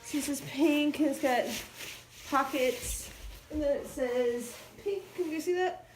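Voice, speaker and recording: A woman's voice: high-pitched, unhurried, slight background noise. A sick woman vlogging casually at home and then outside in the snow, rambling to her viewers and her dog on a handheld phone. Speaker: vlogger and mother.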